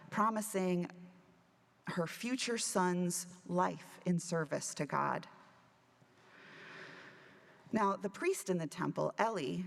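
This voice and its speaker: A woman minister giving a sermon, telling a story in a relaxed, conversational way with touches of humor. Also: lowish voice. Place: church sanctuary. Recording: church hall with long reverb.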